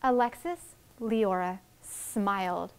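A woman teacher reading a story aloud to second graders and explaining its writing in an expressive, friendly way. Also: mid-range voice, takes it slowly, clear, resonant tone. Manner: expressive, explaining to young children.

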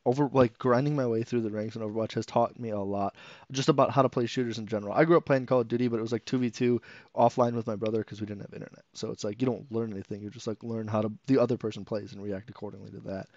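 Fast-talking man on dull lo-fi audio. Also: on the low side, fairly even intonation, a little mellow, no echo. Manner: rapid, filler-heavy, acts out quotes. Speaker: guest player. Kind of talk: casual esports podcast chat.

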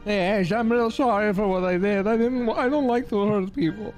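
A man voicing a jumpy, emotional male ex-convict on parole in a game role-play, pleading and shouting. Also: high voice, moderate pace, faint music behind, close to an everyday voice. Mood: sheepish. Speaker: streamer.

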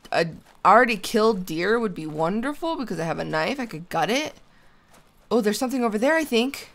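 A chatty young woman narrating her own survival game as she plays. She thinks out loud in an easy, conversational way and now and then talks to her character. Her voice sits at an ordinary middle pitch. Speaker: gaming channel host. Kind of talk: casual let's-play commentary.

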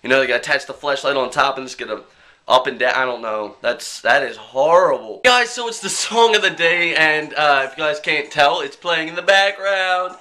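A young man talking to his webcam in a casual vlog, joking and swearing as he rants and mimics people in quick bits. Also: on the high side, sharp tone. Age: young adult. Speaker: vlogger.

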